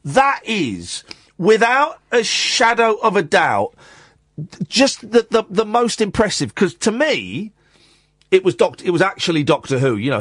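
A man in his forties hosts a radio show, telling a rambling story with an animated, swooping delivery. His voice is slightly husky. It is recorded on a dry studio mic. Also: a little high, no room sound. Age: 40s. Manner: animated, rambling, self-interrupting. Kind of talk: casual on-air storytelling. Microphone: studio microphone.

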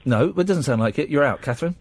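A man hosting a late-night radio phone-in, bantering quick-wittedly and teasing his callers. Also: a little high, animated, a little mellow, slightly rough, dry recording. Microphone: studio microphone.

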